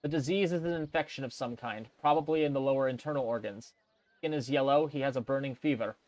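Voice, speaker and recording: Man doing a plain-spoken game doctor, middle pitch, factual. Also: quick pace, a little mellow, close to an everyday voice. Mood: grave. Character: careful male expedition doctor.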